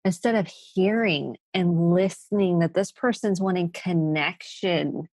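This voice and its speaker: A woman's voice: fairly low pitch, a little slow, darkish tone, no echo. A woman therapist hosting a solo podcast. She talks in an earnest, emphatic way and acts out quoted phrases.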